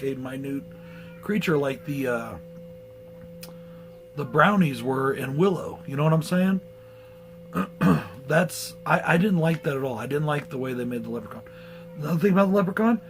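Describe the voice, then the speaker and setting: A man's voice: a little high, a little hiss or hum, rough recording. A man giving a blunt, profane movie review in a casual rant.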